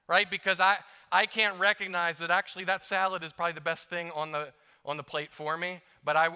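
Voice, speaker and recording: Bright-voiced male preacher in a reverberant church. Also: a little high, clean tone. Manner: conversational, self-deprecating, acts out little prayers. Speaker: guest preacher. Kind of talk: sermon. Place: church sanctuary.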